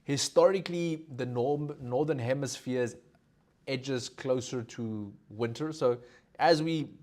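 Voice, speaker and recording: Speaking slowly in a mid-range, slightly mellow voice, this South African host runs a live market analysis stream. He keeps it conversational, packs in lots of fillers, and invites viewers to comment.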